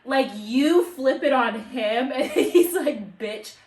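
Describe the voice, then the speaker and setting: A woman's voice: high-pitched, slow pace. A young woman co-hosting a podcast, telling stories with lots of swearing and acted-out quotes. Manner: animated storytelling, swears freely, acts out quotes. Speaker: podcast co-host. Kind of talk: casual chat. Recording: echoey room, mic at a distance.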